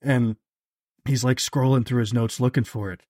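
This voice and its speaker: A man's voice: moderate pace, no echo. Chatty man telling a story, dry mic. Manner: animated, heavy on "like" fillers, jumps higher when quoting others. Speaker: podcast guest. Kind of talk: casual storytelling chat.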